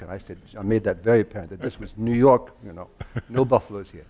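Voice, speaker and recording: An older man from the United States spins stories on a public stage with a mid-range voice. He talks in an animated way, laughs often and keeps tripping over his own restarts. Each answer sounds like a guest warming up before an audience. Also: medium pitch, quick pace, few pauses, a crowd in the background. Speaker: guest conductor and harpsichordist. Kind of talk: anecdotal stage conversation.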